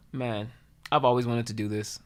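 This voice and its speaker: A man's voice: mid-range voice, a bit bright. A man telling a story in a casual vlog, swearing freely, with lots of stumbles and restarts. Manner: profane, rambling, lots of restarts. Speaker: YouTuber.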